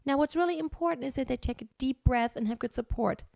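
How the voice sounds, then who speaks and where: A woman's voice: high voice, quick pace, gravelly, darkish tone, dry recording, studio quality. A woman teaching singing, explaining technique and breaking into short sung examples. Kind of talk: vocal lesson with sung demonstrations.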